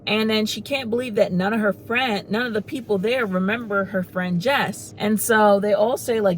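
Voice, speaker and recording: A woman's voice: medium pitch, moderate pace, hardly any pauses, slight background noise, rough recording. A woman in her thirties giving a casual spoken movie review, rambling and chatty with lots of "like" and "you know". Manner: chatty storytelling, heavy use of "like" and "you know".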